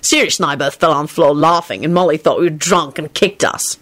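Woman doing Remus Lupin, a deadpan werewolf. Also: sits low, a little fast. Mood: dry. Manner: deadpan, bored, crude swearing. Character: young adult male werewolf, dry and blunt.

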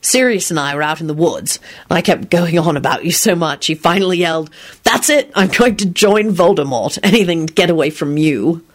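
Casting: woman voicing a wry, stubborn male wizard for a storybook reading, dry teasing tone, a bit low. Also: brisk, lightly acted.

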